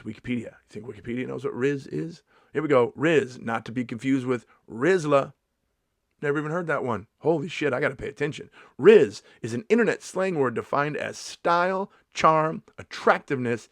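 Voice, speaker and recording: A man's voice: medium pitch, lively intonation, normal speed, no echo, clean studio sound. A middle-aged male comedian in a casual vlog, reading slang definitions aloud and riffing on them with sarcasm and swearing. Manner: sarcastic, swears freely, reads definitions aloud then riffs. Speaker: comedian vlogger.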